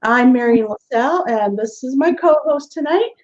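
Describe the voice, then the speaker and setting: A woman's voice: high voice, expressive, normal speed. A woman hosting a live online show, chatting casually and laughing often. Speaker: host. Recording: dull lo-fi web stream audio.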